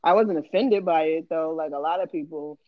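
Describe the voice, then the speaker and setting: A relaxed man chats casually, feeling his way through his thoughts with plenty of fillers. His voice is a touch high, and the recording is dull and dry. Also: brisk, no room sound. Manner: relaxed, hesitant, full of "like" and "you know". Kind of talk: casual chat.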